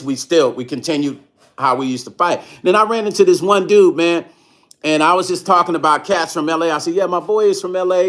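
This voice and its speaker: Middle-aged guy from chicago telling a story on his stream, animated, laughs a lot, does everybody's lines. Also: a little high. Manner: animated storyteller, acts out quoted voices, laughs often. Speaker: vlogger and musician. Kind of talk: casual storytelling livestream.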